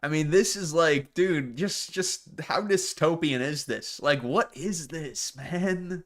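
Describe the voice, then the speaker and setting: A man's voice: a little high, slow pace, a bit bright. Sarcastic man doing live commentary. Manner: mocking, sarcastic, laughs often.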